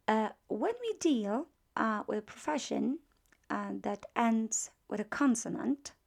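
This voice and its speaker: A woman with a Polish accent teaching a beginner language lesson, repeating words slowly and checking in with questions. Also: medium pitch, vocal fry. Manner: slow drilled repetition of target words; frequent fillers and checking questions.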